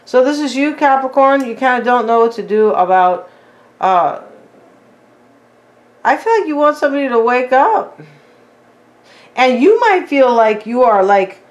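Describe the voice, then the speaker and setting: A woman's voice: mid-range voice, rough recording. A woman giving a casual tarot reading in a rambling, chatty way with many fillers and asides. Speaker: tarot reader.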